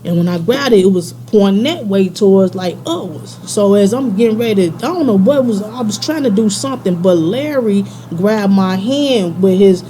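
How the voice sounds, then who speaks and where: A woman's voice: medium pitch, lively intonation, normal speed, hardly any pauses, warm tone, a little hiss or hum. A woman casually telling a personal story in slangy, laid-back talk, chuckling now and then.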